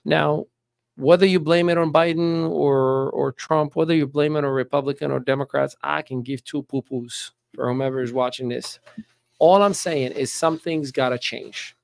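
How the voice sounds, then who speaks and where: A man's voice: medium pitch, fairly even intonation, normal speed, vocal fry, dry recording, clean studio sound. A man, middle-aged, chatting emphatically about politics as a podcast guest and often repeating words as he starts a sentence. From United States. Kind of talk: casual political chat.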